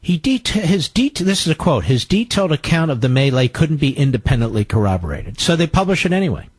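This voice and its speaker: A man hosting a political talk radio show, mocking and combative in tone. His pitch leaps and dips constantly for emphasis, and he sits somewhat higher than most men. The studio sound is close and dry. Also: big pitch swings, quick pace, breathy edge, no echo.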